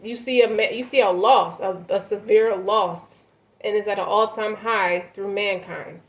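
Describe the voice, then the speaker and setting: A woman's voice: medium pitch, steady tone, measured pace, rough recording. Woman, tarot reader, rambling, emphatic, casual spoken reading, restarts her sentences.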